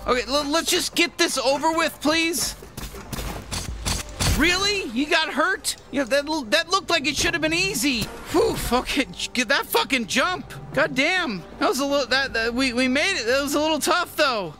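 A man's voice: very high-pitched, expressive, moderate pace, bright, forceful tone, exaggerated voice. A man voicing a cocky, crude male alien gun who rambles and stammers. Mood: rambling. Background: game music.

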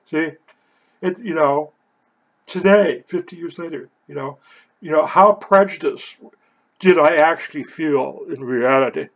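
An older man from California, hoarse, telling a rambling personal story full of "you know". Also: a little high, unhurried. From Oakland, California.

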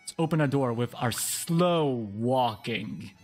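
Slow dry young guy on stream chuckling at himself, music in the back. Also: mid-range voice, expressive. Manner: drawling, dry and self-amused. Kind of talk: casual gaming stream chat. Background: game music.

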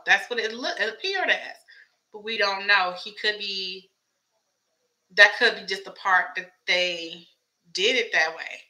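A woman talks through her theories in a loose, chatty vlog, stacking up rhetorical questions as she goes. Her voice is very bright and a little strained. She sits at a middle pitch for a woman. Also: low-quality recording. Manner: chatty, wondering aloud, many rhetorical questions. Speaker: show commentator. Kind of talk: casual fan commentary vlog.

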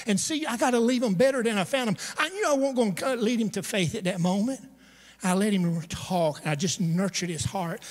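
A pastor with a high, slightly quick voice preaches a storytelling sermon to his congregation, keeping it conversational and funny with asides to the listeners. He's in a church sanctuary, and the recording carries the long reverb of a church hall.

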